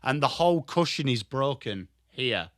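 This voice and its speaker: A young Englishman with an English accent hosting a live football watchalong stream, excitable and sweary, rattling off player names, tired from little sleep. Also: mid-range voice, normal speed, dry recording, clean studio sound. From England. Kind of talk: live commentary and chat stream.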